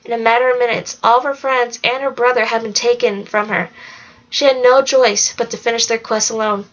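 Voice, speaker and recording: A woman narrates a novel aloud in a fairly high voice, reading steadily but occasionally slipping and correcting herself. The recording was made at home and sounds dull and lo-fi.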